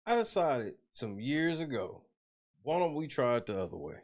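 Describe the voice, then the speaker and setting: A man's voice: medium pitch, sing-song, moderate pace. A man hosting a podcast, ranting casually with lots of profanity and laughing between his points. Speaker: podcast host.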